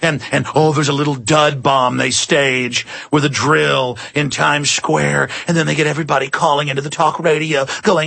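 Gravelly, forceful ranting talk-radio man. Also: on the high side, steady tone, no room sound. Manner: heated, sarcastic, mocking with drawn-out "oh"s. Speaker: radio talk show host. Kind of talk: ranting political commentary.

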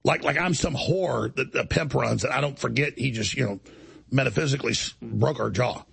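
A man's voice: medium pitch, normal speed, gravelly, a bit bright, slightly rough. A man hosting a talk show, delivering an indignant monologue and acting out other people's lines as he tells the story. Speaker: show host.

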